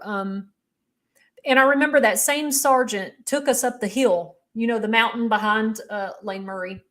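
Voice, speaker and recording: A middle-aged woman, telling her own story as an interview guest in a candid, emotional way. She halts often and restarts her sentences. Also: a little high.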